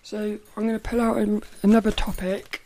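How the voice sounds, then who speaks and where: A woman's voice: medium pitch, level tone, normal speed, mellow. A woman hosting her own podcast in casual solo chat, rambling and stopping to restart her sentences. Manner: rambling, stop-start, self-correcting. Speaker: podcast host.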